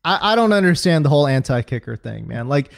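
A man with a high, lively voice co-hosts a casual sports podcast. He rants in bursts, full of fillers and repeated words. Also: fast, creaky. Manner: animated ranting with many fillers and repeats. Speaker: fantasy football podcast co-host.

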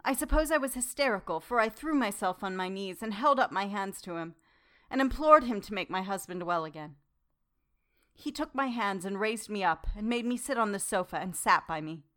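An audiobook narrator reads a classic novel in the first person, her delivery measured and demure. Pitched in a middle register, she voices the heroine herself, with an expressive, sharp tone.

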